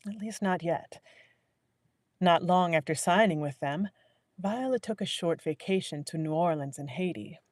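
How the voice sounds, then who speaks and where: A woman narrating a novel in a live audiobook reading, measured and willing to restart a line. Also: low voice, a little mellow, no echo, studio quality. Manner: measured, restarts lines to correct herself.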